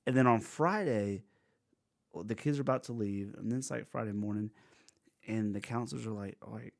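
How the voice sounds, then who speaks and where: A young man, a goofy and animated podcast host telling stories in casual chat. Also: on the low side, brisk, vocal fry, no room sound, studio quality.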